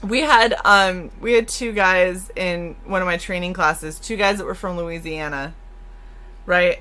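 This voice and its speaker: A woman co-hosting a casual stream, telling stories and acting out the people in them. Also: fairly low pitch. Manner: animated storyteller, acts out quotes. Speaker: co-host. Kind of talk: casual stream chat, storytelling.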